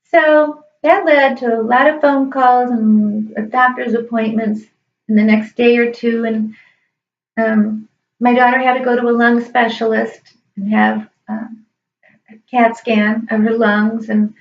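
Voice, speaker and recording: A woman's voice: on the high side, little pitch movement, a little slow. Earnest, emotional middle-aged woman storyteller. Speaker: high school teacher. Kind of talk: personal storytelling. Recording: echoey room, distant dull mic.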